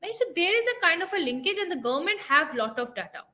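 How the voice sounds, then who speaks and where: A woman's voice: very high voice, sing-song, fast talker, sharp tone. A woman with an Indian English accent, a tax expert explaining rules step by step and often checking in with a questioning "right?". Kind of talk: explanatory talk.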